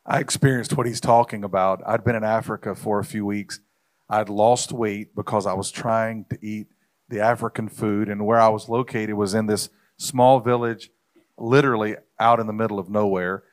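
A man's voice: fairly low pitch, steady tone, normal speed. A man in a casual discussion, telling an anecdote in an easygoing, storytelling way.

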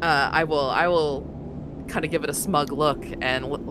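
A woman playing a tabletop role-playing game, speaking in character in a prim, politely skeptical, measured way. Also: sits low, fairly even intonation, noisy background. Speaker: player.

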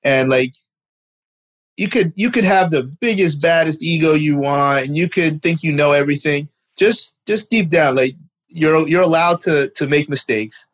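Rambling Canadian man, interview guest. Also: a little high. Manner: rambling, many restarts and fillers. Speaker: guest, basketball performance clinician. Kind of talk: conversational interview.

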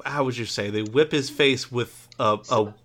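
Male co-host, mid-pitched voice, relaxed and hesitant, casual film chat. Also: moderate pace. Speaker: podcast co-host. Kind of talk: casual movie review chat.

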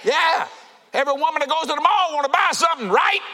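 A man preaching a fervent sermon to a congregation, shouting and laughing as he goes. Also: very high voice, lively intonation, fast talker, some chatter behind, slight background noise. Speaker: pastor. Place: church sanctuary. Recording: reverberant church hall.

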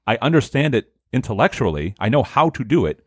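A man's voice: medium pitch, sing-song, brisk, no echo, clean studio sound. A man hosting a casual podcast chat, explaining things in a rambling way with restarts. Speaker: podcast host.

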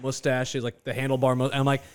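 A man's voice: mid-range voice, completely flat delivery, fast talker, smooth. A young man, a comedian, telling stories with jokes and laughs in casual podcast banter. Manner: laughing, joking storyteller.

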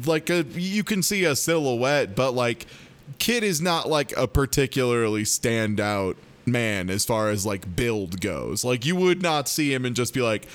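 A man co-hosting a podcast, recapping a TV episode in casual chat with an animated, sarcastic manner and frequent swearing. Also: mid-range voice, a little slow. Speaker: podcast co-host.

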